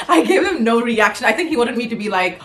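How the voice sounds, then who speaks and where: A woman's voice: fairly high pitch, animated, fast, fairly bright tone, soft background music. A young woman in her twenties, casually answering viewer questions in a vlog, blunt and sassy, swearing freely and acting out what people said.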